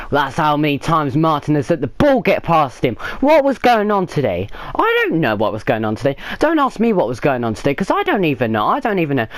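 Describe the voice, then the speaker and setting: A man's voice: fairly high pitch, no room sound. A man giving an exasperated, theatrical comic rant as a football fan reacting to a match. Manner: exasperated, theatrical ranting with lots of repetition.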